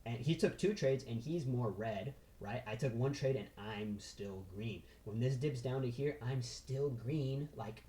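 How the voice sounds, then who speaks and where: A man walking through a trading chart in an excitable, casual way, punctuating every point with "right?" and "boom." His voice is warm and mellow, recorded with a roomy echo. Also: unhurried, few pauses. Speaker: trading instructor.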